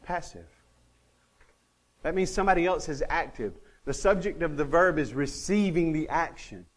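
Male pastor, slightly high voice, earnest sermon delivery with dry humor and wide dynamic swings. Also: animated, normal speed.

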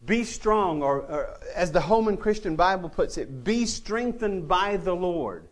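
A male pastor preaching a sermon, earnest with touches of dry humor, swinging between emphatic lines and quiet, intimate ones. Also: sits high, lively intonation, a little slow.

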